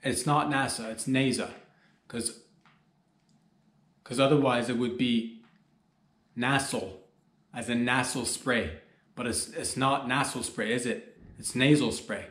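Man, comedy podcast host, loose rambling jokey delivery, mid-pitched, roomy echo. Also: measured pace, long pauses, fairly bright tone. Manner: rambling, jokey, talks straight to listeners. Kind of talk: rambling solo comedy monologue.

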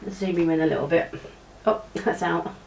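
A woman's voice: fairly low pitch, steady tone, moderate pace, vocal fry, darkish tone, a little hiss or hum. A woman chatting casually to camera as she does her makeup, rambling with many fillers and restarts, recorded on a cheap clip-on mic at home. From England. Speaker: beauty vlogger. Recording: echoey room sound.

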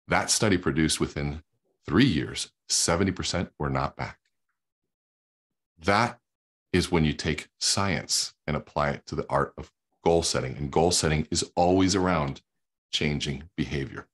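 Brief: middle-aged male speaker, deep and a little husky, teaches like a coach while sketching on a whiteboard. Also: unhurried. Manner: storytelling with quoted dialogue, emphatic. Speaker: guest speaker and sales coach. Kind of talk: energetic explanatory talk.

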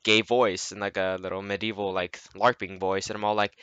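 A man's voice: fairly low pitch, fairly even intonation, brisk, hardly any pauses, a bit bright, smooth, dry recording. A man narrating his gameplay in a casual, rambling way, swearing constantly. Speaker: gameplay commentator.

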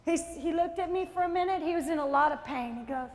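A woman preaching at a conference, exuberant, with shouted exclamations and frequent laughter. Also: high-pitched, fast talker, hardly any pauses, a little hiss or hum. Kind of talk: sermon. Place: conference hall. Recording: echoey hall with faint crowd. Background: faint crowd.

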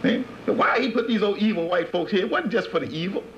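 A man's voice: high-pitched, expressive, fairly quick, a bit bright. A man preaching to followers, emphatic and repetitive, firing rhetorical questions at them, on a dull 1980s tape with faint hiss. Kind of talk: sermon-like lecture to followers.

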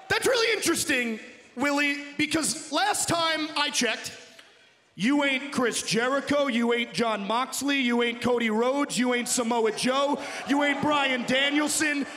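A man from Long Island, New York, cutting a boastful, mocking wrestling promo into a handheld mic in a large indoor arena. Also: very high voice. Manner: boastful, mocking trash talk. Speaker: pro wrestler. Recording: echoey arena hall with loud crowd.

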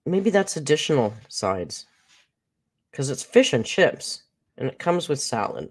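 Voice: mid-range voice, sing-song, measured pace, slightly rough. A live streamer in casual reaction chat, talking straight to the viewers and narrating their own actions aloud.

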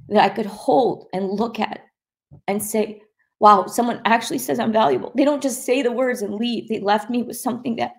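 A woman sharing a personal faith testimony in a soft, halting way, with many pauses and restarts. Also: fairly high pitch, creaky. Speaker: guest sharing her testimony.

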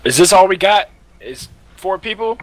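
Brash, profane high-voiced man gamer. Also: expressive, normal speed, no room sound. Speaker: gamer in role-play server. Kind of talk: in-character voice chat during online game role-play.

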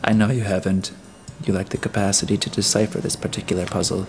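A man reading an audiobook, voicing a stern, weary detective in a level, terse, deliberate way. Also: lowish voice, flat delivery, darkish tone, faint music behind, natural voice. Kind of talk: audiobook character voice.

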